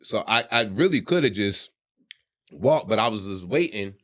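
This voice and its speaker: A man telling a story in relaxed casual conversation on a comedy podcast, acting out quoted lines in a low-key way. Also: normal speed.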